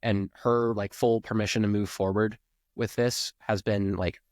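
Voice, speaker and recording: A man's voice: lowish voice, little pitch movement, measured pace, darkish tone, no echo, clean studio sound. A man speaking as a podcast guest, rambling earnestly and filling his sentences with "like". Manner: rambling, earnest, heavy use of "like", restarts. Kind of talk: podcast interview.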